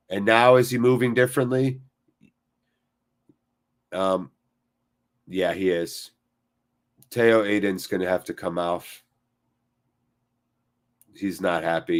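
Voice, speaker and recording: A man with a lowish voice hosts a live football watchalong from a cold room attached to his house. He commentates with excited, jokey chatter and responds to viewers.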